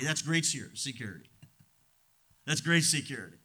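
A middle-aged man preaching a sermon as pastor, swinging from loud emphatic lines to hushed ones. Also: a little high, animated, slow, pauses often.

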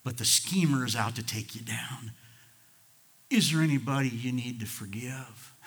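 A pastor preaches in a bright, forceful voice. He tells folksy stories in a chatty way, then climbs into loud, emphatic bursts. The man sounds like he is in his own pulpit. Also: mid-range voice, moderate pace. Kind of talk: sermon.

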